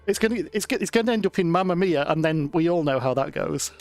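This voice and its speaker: Man, a bit high-pitched, jokey banter, online call. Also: lively intonation, quick pace, no room sound, faint music behind. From East Yorkshire, England. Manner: playful, jokey asides. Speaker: co-host streamer. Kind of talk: casual stream chat.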